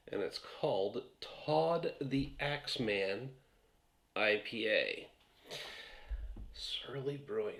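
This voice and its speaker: A man's voice: mid-range voice, a bit bright. A man rambling casually through a beer review vlog, a few beers in and swearing now and then.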